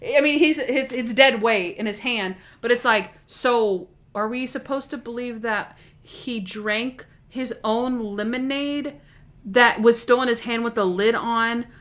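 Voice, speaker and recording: A woman co-hosting a podcast, talking in an animated, rambling way with restarts and quoted asides. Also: fairly high pitch, measured pace. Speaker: podcast co-host. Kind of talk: casual chat.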